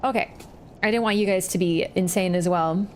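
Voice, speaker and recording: A woman's voice: on the low side, moderate pace, slight background noise. A woman streaming a video game, chatting casually to her viewers, apologetic and swearing now and then. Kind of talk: casual livestream chat.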